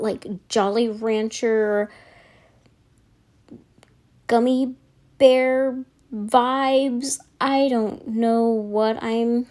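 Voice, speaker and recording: Young woman, casual voiceover, chatty and rambling, higher voice, slow easy delivery. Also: warm tone. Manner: chatty, rambling, apologetic about talking so much. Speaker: nail vlogger.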